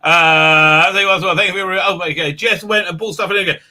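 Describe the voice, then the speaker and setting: A man with an English accent hosting a livestream, rambling and crude, with lots of stammered restarts and loud laughs. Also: sits high, steady tone, brisk. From England. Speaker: livestream host. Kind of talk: casual livestream chat.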